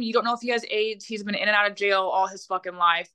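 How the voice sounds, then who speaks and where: A woman's voice: mid-range voice, fast, hardly any pauses, sharp tone. A young adult woman, a podcast guest, telling a painful personal story in a blunt, heated way with frequent swearing.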